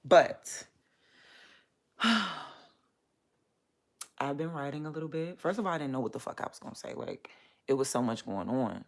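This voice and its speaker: Gravelly-voiced woman venting casually. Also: extremely low pitch, animated, brisk, long pauses, darkish tone. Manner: blunt, profane, rambling. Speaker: vlogger and small business owner.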